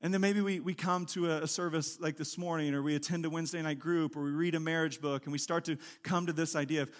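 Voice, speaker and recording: A male pastor preaching a conversational sermon in a church service, acting out quick quotes and dropping to a hushed tone for prayer. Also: a little high, fairly even intonation. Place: church sanctuary during a service.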